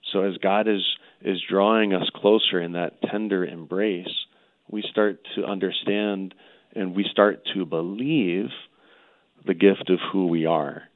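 A priest with a very low voice talks earnestly and gently, often pausing on "you know" as he teaches. He comes through a narrow, phone-like line with no room around him. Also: fairly even intonation, no echo. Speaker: priest guest. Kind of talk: spiritual teaching on call-in radio.

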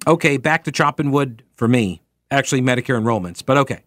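A man's voice: medium pitch, fast talker, no echo. Sarcastic male talk radio host, dry studio. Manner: sarcastic, mocking, animated. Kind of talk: casual talk radio, reading listener mail.

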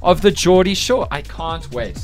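A man's voice: high voice, lively intonation, normal speed, faint music behind. A man hosting a breakfast radio show, chatting in a playful, enthusiastic and teasing way. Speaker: radio host.

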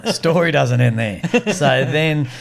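A man with an Australian accent, telling a comedy gig story on a podcast in a casual, animated way and acting out the voices of the people in it. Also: mid-range voice, slow pace, gravelly, heavy background noise. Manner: animated, acts out quoted voices.

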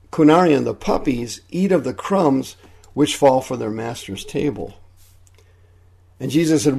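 A man's voice: medium pitch, expressive, measured pace, gravelly, mellow, husky. A man preaching a radio sermon, teaching with emphatic repetition. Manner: emphatic, repeats key points.

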